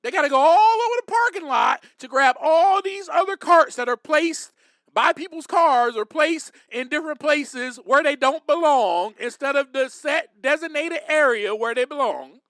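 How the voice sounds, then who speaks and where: A man with a high, bright voice delivers a recovery advice monologue to his listeners. He talks in a direct, emphatic, preaching way. The sound is dry and close, with no room echo. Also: animated, moderate pace. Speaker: podcast host.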